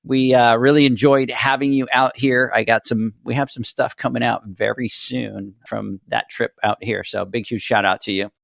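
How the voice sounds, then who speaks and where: Upbeat podcast host, dry sound. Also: male voice, mid-range voice, steady tone, moderate pace, gravelly, hardly any pauses, no echo. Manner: upbeat, gives shout-outs and moves questions along. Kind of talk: casual podcast chat.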